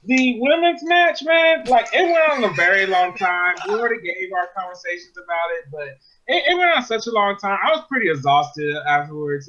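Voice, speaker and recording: A man's voice: high voice, animated, moderate pace, bright, forceful tone, lo-fi sound. A man reviewing a wrestling show in casual chat, ranting with plenty of swearing and exasperation.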